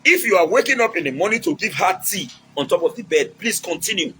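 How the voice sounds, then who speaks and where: A man's voice: sits high, expressive, quick pace, a bit bright, slight background noise, rough recording. A man with a Nigerian accent giving casual, preachy relationship advice, mixing in Pidgin and acting out quotes.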